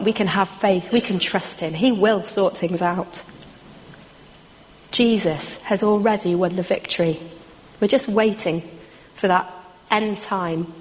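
A woman preaches slowly in a church, her words unhurried and deliberate. She builds her points with a steady, repetitive cadence, and a long reverb trails her voice through the hall. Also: medium pitch, slight background noise. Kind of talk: sermon.

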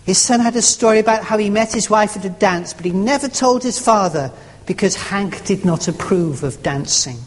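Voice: medium pitch, animated, moderate pace. A preacher delivers a sermon, leaning on one word after another as a phrase is repeated. The talk stalls now and then in restarts. A long hall reverb trails each line. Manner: emphatic, repeating phrases and stressing words in turn.

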